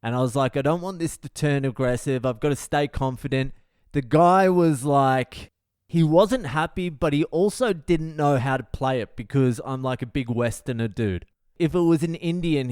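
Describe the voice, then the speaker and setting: A man's voice: mid-range voice, clear, resonant tone, dry recording, clean studio sound. A middle-aged man with an Australian accent, hosting a podcast and telling a story casually, swearing a lot and laughing at himself. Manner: profane, animated storyteller who laughs at himself. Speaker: podcast host.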